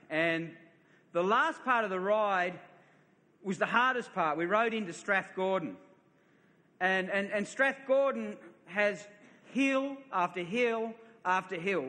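In a large hall with long, lingering reverb, a middle-aged man preaching as a pastor recounts a story. His high voice is bright and pushed, and he repeats words often while chuckling at himself.

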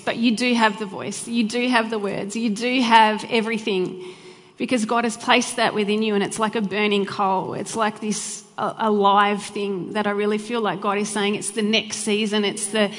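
A woman's voice: medium pitch, fairly even intonation, moderate pace, few pauses, fairly bright tone. Fervent woman preaching in a hall. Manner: fervent, heartfelt, chatty asides. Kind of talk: live church sermon with prayer. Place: church hall during a live service. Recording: long hall reverb, faint music.

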